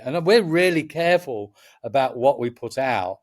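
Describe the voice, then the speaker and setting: A middle-aged Englishman talks as a guest on a chat show. His voice sits at an ordinary pitch, and he speaks passionately. He rambles and restarts his sentences again and again. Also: lively intonation, moderate pace. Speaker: festival promoter, guest. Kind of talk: casual chat.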